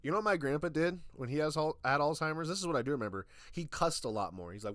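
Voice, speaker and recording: A man's voice: fairly high pitch, animated, quick pace, few pauses, fairly bright tone, no echo. A young man giving a profane, sarcastic rant as a YouTube reviewer. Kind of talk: ranting commentary.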